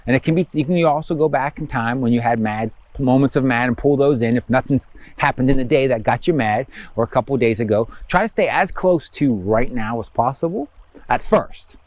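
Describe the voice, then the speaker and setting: A man acting as a spiritual teacher gives casual guided instruction, rambling with lots of fillers and slowing down for affirmations. His voice is medium-pitched and a little mellow, with no room sound.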